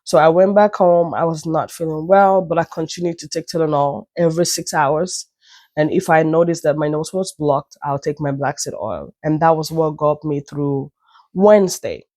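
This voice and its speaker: A woman's voice: low-pitched, normal speed, a little mellow, no room sound, studio quality. A woman telling a chatty, meandering story at home, her nose stuffy and breaking into an occasional cough. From Nigeria. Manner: chatty, self-deprecating, meandering asides. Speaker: vlogger. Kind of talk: casual storytelling vlog.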